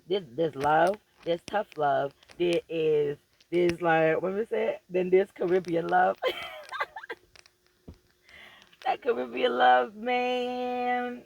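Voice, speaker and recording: A woman's voice: lowish voice, vocal fry, noisy background. A woman vlogger giving a profane, emphatic and preachy motivational rant straight to her viewers, repeating phrases for emphasis.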